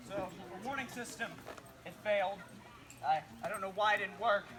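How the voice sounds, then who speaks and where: A man's voice: high-pitched, normal speed. A man announcing and acting in campfire skits, giving orders with stumbling repetitions. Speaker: skit announcer and performer. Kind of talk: campfire skit. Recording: noisy outdoor recording.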